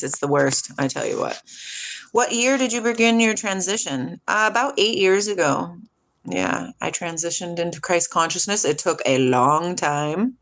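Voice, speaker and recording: A middle-aged woman hosting a casual spiritual livestream, reading viewers' comments aloud and answering them with lots of laughter. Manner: animated, laughs often, jumps between hushed and high. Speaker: livestream host reading chat.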